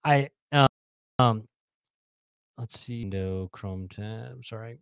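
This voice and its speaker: A man's voice: on the low side, takes it slowly, gravelly, smooth, no room sound. A man in his thirties in casual chat, telling a story with lots of restarts and repeated words. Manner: animated storyteller, repeats words, acts out the yelling fans. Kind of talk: casual chat on a video call.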